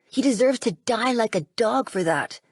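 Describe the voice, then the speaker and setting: Grumpy scared 12 yr old boy, woman reading it, gravelly low mutter. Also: animated, moderate pace, no echo, studio quality. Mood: tense. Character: twelve-year-old boy, defensive and scared.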